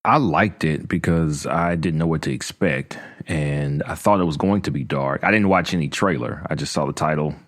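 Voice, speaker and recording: A man's voice: very deep voice, normal speed, few pauses. A man co-hosting a film podcast, chatting enthusiastically and rambling about a movie he liked. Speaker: podcast co-host. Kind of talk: casual film discussion.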